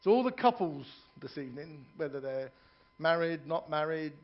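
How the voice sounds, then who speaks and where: A man's voice: on the high side, animated, moderate pace, highs cut off. A man performing stand-up comedy in a ship's theatre, telling jokes, doing characters' voices and joking with the audience.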